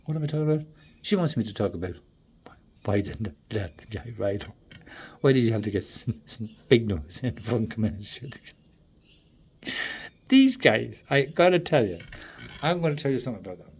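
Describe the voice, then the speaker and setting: A man in a rambling, profane monologue that swings between loud outbursts and low mutters. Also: sing-song, fairly quick, slightly rough.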